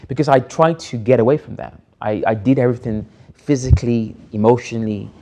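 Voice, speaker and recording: A man's voice: medium pitch, brisk, mellow. A young adult man from Nigeria, a film director, answering interview questions in an earnest, reflective way. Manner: earnest, reflective, building emphasis.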